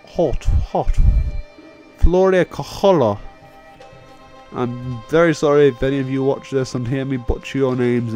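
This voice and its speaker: A man's voice: medium pitch, darkish tone. A man hosting a gaming channel, casually reading out credits and apologizing as he stumbles over names. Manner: fumbling, apologetic, giggly, reading aloud. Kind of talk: casual gameplay commentary.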